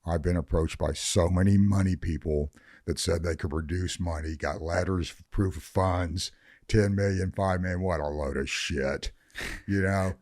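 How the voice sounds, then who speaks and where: An older man with a very low, deep voice speaks bluntly and swears freely, ranting with fired-up conviction. The sound is close and dry, with no room around it. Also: steady tone, moderate pace, a little mellow, no room sound. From Northern California. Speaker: veteran cannabis grower guest. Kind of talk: podcast interview.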